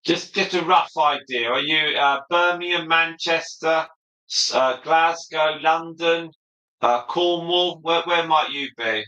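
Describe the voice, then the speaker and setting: A livestream host chats casually, reading viewer comments aloud and answering each in turn. His slow, rather high voice is very bright and sharp-edged, echoing around the room he's in.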